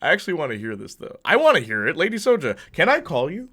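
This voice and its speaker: A man's voice: a little high, huge pitch swings, fast talker, pushed and bright. A man streaming a video game with casual commentary, chatty and laughing often as he reads viewer chat aloud. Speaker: gaming streamer.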